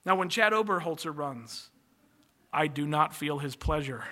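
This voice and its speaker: A man's voice: high-pitched, fairly even intonation, moderate pace, pushed and bright. A man preaching a sermon from the pulpit, earnest and emphatic, building long lists as his energy rises. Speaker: pastor.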